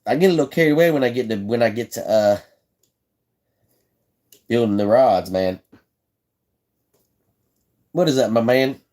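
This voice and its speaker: A man's voice: mid-range voice, normal speed, long pauses, a little mellow. A man hosting a live stream, casually showing how he builds fishing rods. He talks in a folksy, chatty way, repeats himself, and answers viewers in the chat. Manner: laid-back, folksy phrasing.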